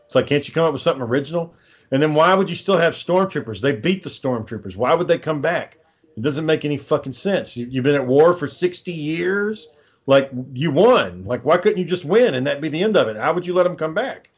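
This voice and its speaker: A man's voice: a little high, animated, fairly quick, breathy edge. A man ranting sarcastically and swearing constantly in a casual conversation. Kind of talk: casual profane chat.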